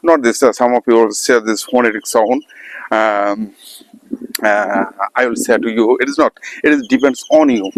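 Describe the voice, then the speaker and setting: A man with a Bengali accent talks on his own in English, his first language being Bengali. He speaks haltingly, with frequent ums and restarted phrases. His voice sits at an ordinary middle pitch. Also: poor audio. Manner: halting, many fillers and repeated restarts. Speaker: English learner vlogger. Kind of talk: casual monologue practicing spoken English.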